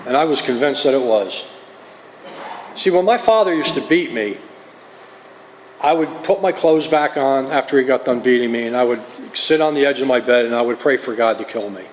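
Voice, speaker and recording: A man's voice: medium pitch, animated, normal speed, a little hiss or hum. New Jersey man confessing in a hall. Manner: earnest, confessional storytelling. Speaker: recovery meeting speaker. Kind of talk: personal testimony. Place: meeting hall. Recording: roomy hall, faint ambience.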